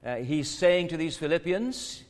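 A man's voice: on the high side, lively intonation, measured pace. Man preaching in a reverberant hall. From not from the United States. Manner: conversational, asks rhetorical questions, many fillers and restarts. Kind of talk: sermon.

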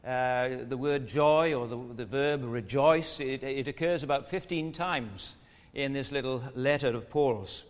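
A man's voice: mid-range voice, a little slow, long reverb tail. A man preaching a sermon in an easy, conversational way, with many fillers and restarts and rhetorical questions to the congregation. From not from the United States.

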